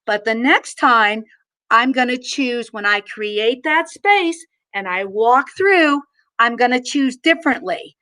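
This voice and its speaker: A middle-aged woman teaching a mindfulness lesson, gently guiding listeners through gestures and slow breaths. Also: fairly high pitch, animated. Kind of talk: guided mindfulness lesson for children.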